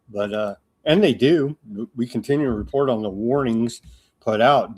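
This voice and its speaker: A man's voice: mid-range voice, moderate pace, a little mellow. A man hosting a live political news commentary show, talking in a sarcastic, mocking way with lots of fillers and restarts.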